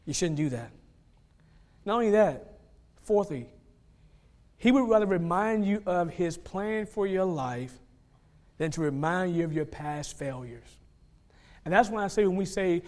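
A man preaching a sermon, swinging between soft, low asides and loud, rising exhortation, and acting out the people he quotes. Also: animated, a little slow, pauses often. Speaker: pastor.

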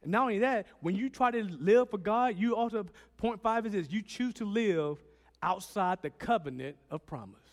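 A man preaching a sermon, swinging from loud, emphatic lines to quiet ones and acting out Bible characters. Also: sits high, expressive, moderate pace, long reverb tail.

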